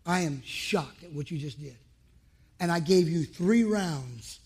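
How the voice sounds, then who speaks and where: A man's voice: fairly high pitch, animated, measured pace, darkish tone, husky. A man preaching a sermon to men, telling a personal story in an emphatic way and acting out past conversations. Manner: emphatic, acts out his own past dialogue.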